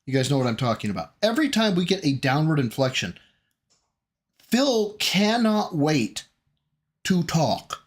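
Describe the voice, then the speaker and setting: Lively, profane mocking stream host. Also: male voice, on the high side, measured pace, pauses often. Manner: profane, mocking, heckling the clip. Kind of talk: live reaction commentary.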